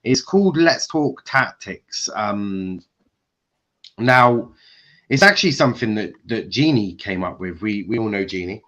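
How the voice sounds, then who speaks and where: A man's voice: fairly low pitch, expressive, measured pace. A man hosting a casual football match reaction chat, talkative and swearing now and then. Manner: chatty, swearing, mimics frustrated shouting. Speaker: football channel host.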